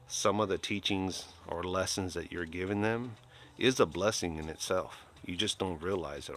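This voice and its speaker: A man's voice: sits low, fairly bright tone, a little hiss or hum. An older man casually chatting to his viewers, rambling and heartfelt with lots of fillers and restarts. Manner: emotional, kind-hearted. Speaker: live streamer.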